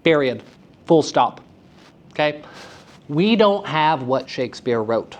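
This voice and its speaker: A woman lecturing students on acting. She is lively and theatrical, laughs often and asks them questions. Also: sits low, slow pace, dull audio. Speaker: acting teacher giving a lecture. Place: school theater festival session.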